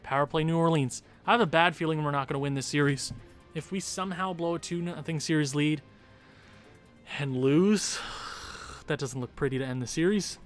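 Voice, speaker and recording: A man's voice: on the high side, normal speed, faint music behind. A man commentating his own hockey video game stream live, groaning and cheering at each goal, his voice wearing out. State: losing his voice. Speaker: gaming streamer.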